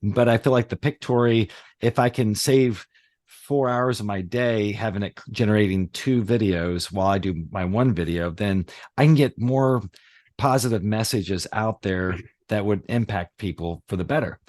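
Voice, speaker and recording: A middle-aged man with a low-pitched voice hosts a casual podcast chat. He rambles in an animated way, full of fillers and restarts. The sound is dry and close, with no room around it. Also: moderate pace, dry recording. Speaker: podcast host, reality surfing teacher.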